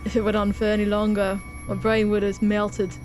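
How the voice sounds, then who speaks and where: A woman's voice: medium pitch, completely flat delivery, fairly quick, darkish tone, lightly acted. A woman voicing a dazed young man with a put-on British accent, talking in a dramatic, strained way. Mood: pained. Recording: game music behind.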